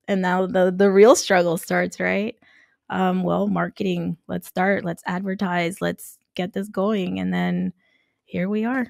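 A woman who grew up in Nicaragua, telling her story as a podcast guest, animated and laughing often as she acts out quoted dialogue. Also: on the low side, a little slow, gravelly, dry recording, clean studio sound. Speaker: guest, construction entrepreneur. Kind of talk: casual storytelling interview.

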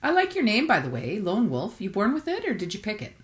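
A woman's voice: mid-range voice, huge pitch swings, brisk, voice pushed up. A woman reading aloud voices a talkative woman dentist who teases her patient while she works. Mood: friendly. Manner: talkative, teasing. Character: friendly, chatty woman dentist.

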